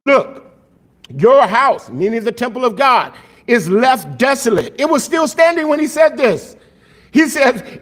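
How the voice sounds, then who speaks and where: A male pastor preaching a sermon in an animated way, asking rhetorical questions and answering them himself, with jokes and laughs between points. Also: very high-pitched, a little slow.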